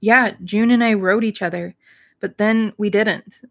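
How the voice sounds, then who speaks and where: A woman's voice: mid-range voice, fairly even intonation, a little slow. Woman reading a novel aloud. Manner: plain reading with light voicing of dialogue, occasional slips and restarts. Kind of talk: read-aloud narration of a novel.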